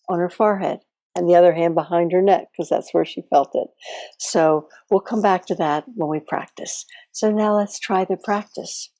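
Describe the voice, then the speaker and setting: A woman chaplain leads a guided mindfulness exercise in a gentle, slow and soothing way. Her voice is mellow and fairly low. The sound is dry and close. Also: gravelly, no room sound, low-quality recording. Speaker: chaplain leading a guided practice.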